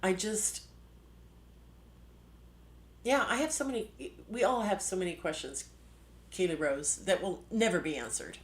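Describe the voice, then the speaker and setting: A middle-aged woman hosts a live stream in a voice sitting a little low. She talks with raw, indignant passion, leaning hard on words and jumping up in pitch when she is most stirred. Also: a little slow, long pauses. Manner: impassioned, indignant, with sudden pitch jumps and pointed emphasis. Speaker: livestream host. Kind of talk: emotional live-stream commentary.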